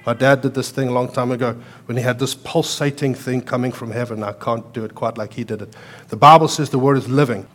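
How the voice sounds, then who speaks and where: Preaching at a brisk clip, the man keeps a steady tone in a mid-range register. His sermon alternates between booming emphasis and soft narration, delivered with an accent Americans would find foreign.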